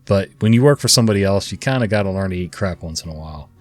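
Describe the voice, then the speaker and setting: Folksy low-voiced man telling stories. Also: animated, racing, soft background music. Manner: folksy, chatty, pitch jumps up when addressing viewers. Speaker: storytelling channel host. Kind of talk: casual story narration and commentary.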